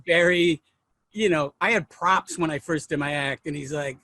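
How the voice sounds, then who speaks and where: High, bright-voiced rambling comedian. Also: male voice, steady tone, normal speed, no echo. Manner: rambling, self-mocking storyteller. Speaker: comedian and filmmaker guest. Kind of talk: anecdotal interview storytelling.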